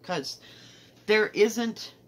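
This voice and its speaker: A woman casually showing her cross-stitch projects at home, rambling candidly with soft muttered asides. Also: medium pitch, extremely slow. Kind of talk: casual show-and-tell chat.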